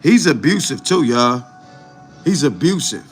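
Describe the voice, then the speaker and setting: A man's voice: mid-range voice, big pitch swings, a little slow, music in the background. An older man from Mississippi, hosting a live stream and mocking another creator in blunt, profane commentary. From Mississippi, USA. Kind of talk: live commentary reacting to clips.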